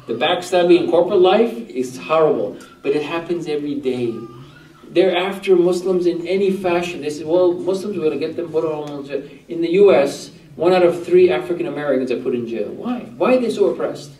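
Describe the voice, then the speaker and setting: A man teaching religion to a group speaks briskly in an expressive, mellow voice on the high side. The room echoes and he sits far from the mic, and he keeps asking his listeners rhetorical questions.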